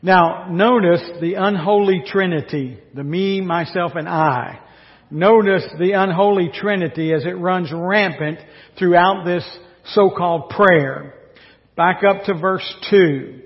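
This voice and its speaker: A man's voice: sits high, slow pace. A man preaching a sermon as pastor, in a conversational way, often asking his listeners rhetorical questions. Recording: dull recording with long hall reverb.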